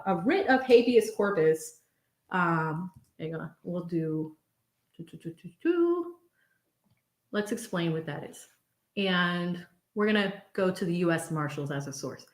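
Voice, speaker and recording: A woman's voice: fairly low pitch, echoey room. A young woman hosting a casual live stream from home, chatting expressively and often laughing as she reads viewer messages aloud. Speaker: livestream host reading viewer super chats.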